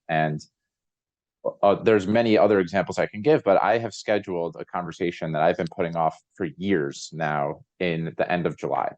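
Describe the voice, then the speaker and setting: Low-pitched male host, thoughtful, measured; dry, muffled sound. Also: a little mellow, no room sound. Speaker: podcast host. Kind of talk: conversational interview.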